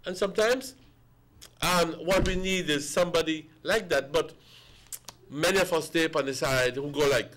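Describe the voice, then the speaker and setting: Male guest, pitched a bit high, punchy and insistent, hammers each point. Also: normal speed, fairly bright tone. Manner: emphatic, repeats words for stress. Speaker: guest commentator. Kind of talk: morning show discussion.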